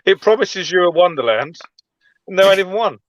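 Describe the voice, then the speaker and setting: A man's voice: high-pitched, expressive, a little fast, dry recording. Wry man, dull dry sound. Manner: wry, stumbling. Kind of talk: casual banter.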